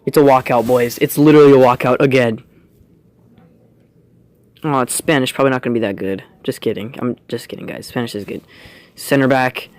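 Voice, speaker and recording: A young man commentating a game pack opening, jumping from quiet mumbling to loud, high yelling. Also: steady tone, brisk, long pauses. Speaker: gaming YouTuber.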